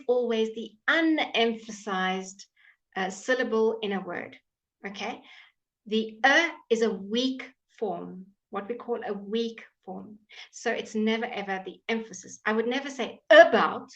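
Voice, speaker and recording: Slow, patient woman teaching pronunciation. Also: a little high, a bit bright, muffled recording. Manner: slow, patient, repeats words for drilling. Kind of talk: live online language class. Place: home. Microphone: computer mic on a live stream.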